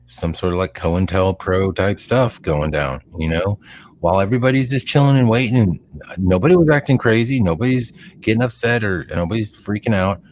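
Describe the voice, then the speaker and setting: A middle-aged man co-hosting a casual podcast chat, talking in a rambling, animated way with lots of fillers. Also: sits low. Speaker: podcast co-host.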